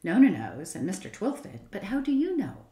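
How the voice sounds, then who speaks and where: A woman's voice: mid-range voice, wildly swooping pitch, moderate pace, warm tone, pitched above the performer's own voice. A woman voicing an impatient, eager young girl in a read-aloud storybook. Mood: wondering. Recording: roomy echo.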